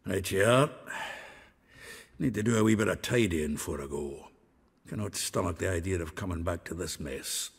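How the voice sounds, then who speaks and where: Zoltan, a gravelly dwarf. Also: male voice, low voice, moderate pace, heavily acted. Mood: gruff. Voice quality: gravelly, earthy, coarse-spoken. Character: gruff boisterous male dwarf companion. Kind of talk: video game voice acting.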